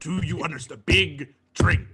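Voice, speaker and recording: A man voicing a loud, boisterous male gnome brawler who bellows slow, drawn-out boasts. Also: a little high, fairly even intonation, breathy edge, full character voice. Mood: demanding.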